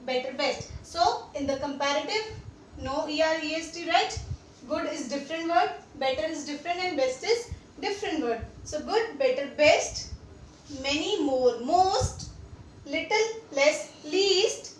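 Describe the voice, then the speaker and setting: A young woman with an Indian English accent teaching a grammar lesson, often repeating examples and asking if things are clear. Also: sits high. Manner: repeats examples and checks understanding. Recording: echoey room, distant mic, faint noise.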